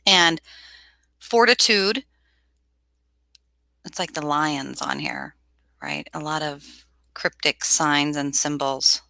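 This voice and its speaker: A woman's voice: low voice, slow pace, vocal fry, long pauses, no echo. A woman hosting a casual tarot livestream, chatting animatedly, laughing and reading viewers' comments aloud. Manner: animated, reads chat aloud, laughs often.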